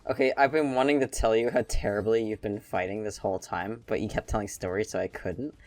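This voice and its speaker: A man's voice: lowish voice, fairly even intonation, a little mellow. A man as guest co-commentator on a let's-play, teasing and dry. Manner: teasing, dry, quick to laugh. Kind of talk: casual gameplay commentary.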